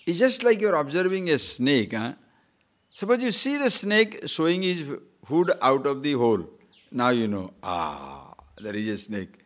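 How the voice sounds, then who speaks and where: A man giving a spiritual discourse to a live class, asking rhetorical questions and acting out little shouted scenes. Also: on the high side, sing-song, normal speed. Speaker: spiritual teacher.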